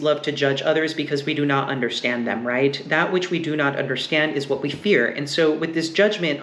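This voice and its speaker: Guy doing a tarot reading, kinda high voice, rambly and thinking out loud, roomy echo. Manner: musing, meandering, frequent fillers. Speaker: tarot reader. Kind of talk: casual tarot reading and discussion. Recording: echoey room with faint noise.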